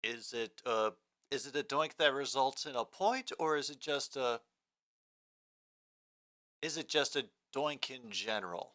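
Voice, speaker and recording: A man's voice: mid-range voice, animated, a little slow, pauses often, pushed and bright. A man hosting a casual live sports stream, rambling between game commentary and replies to chat comments.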